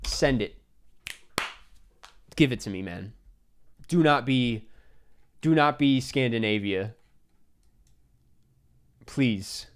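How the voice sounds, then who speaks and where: Excitable man chatting through a game. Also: medium pitch, slow pace, long pauses, smooth. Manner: excitable, talks to himself while guessing, swears. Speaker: streamer playing a geography guessing game. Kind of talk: casual live gameplay chat.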